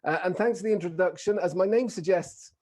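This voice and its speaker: Mellow British man giving a keynote. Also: high voice, fairly quick. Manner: lively, playful and engaging. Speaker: keynote speaker. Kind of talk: online keynote talk. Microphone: video call microphone.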